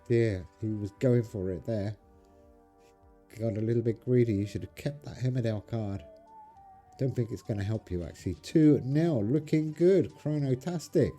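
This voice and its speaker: A man's voice: medium pitch, warm tone. A man hosting a game channel, chatting casually to viewers as he plays a card game. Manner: chatty, talks to viewers while playing cards. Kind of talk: casual gameplay commentary.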